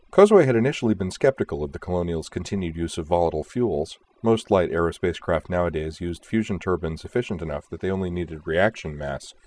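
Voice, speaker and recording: A man narrating an audiobook in a steady, even storytelling manner. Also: low-pitched.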